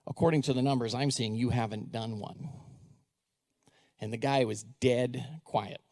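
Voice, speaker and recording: A man's voice: mid-range voice, steady tone, unhurried, darkish tone. A middle-aged man, a school superintendent, telling a story to a live audience, acting out the dialogue and asking the crowd questions. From United States. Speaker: school superintendent giving a talk.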